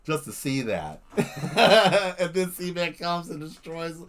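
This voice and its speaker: This livestream artist is a man with a slightly high voice who chats casually while drawing. He talks at a slow pace, rambling and animated, and his storytelling keeps jumping into silly voices.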